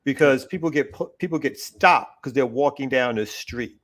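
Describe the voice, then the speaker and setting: A man's voice: medium pitch, fairly bright tone. Earnest man arguing a point. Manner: earnest, fast-building argument with repetitions. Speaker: morning show co-host. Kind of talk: casual political chat.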